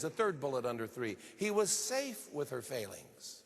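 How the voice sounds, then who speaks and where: A man preaching a sermon earnestly, building to emphatic high-pitched peaks. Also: very animated, normal speed, gravelly, hardly any pauses. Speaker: pastor. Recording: long hall reverb.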